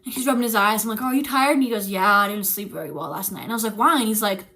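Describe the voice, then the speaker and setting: A young woman streamer telling a frightening story in casual chat, animated and swearing, teary-eyed as she talks. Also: mid-range voice, rapid-fire. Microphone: streaming mic.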